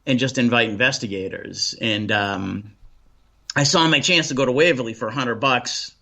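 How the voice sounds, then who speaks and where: A man from Boston with a Boston accent, chatting as a guest in a relaxed interview, rambling with lots of restarts and ums. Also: mid-range voice, normal speed, gravelly. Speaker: paranormal investigator guest. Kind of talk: casual interview chat.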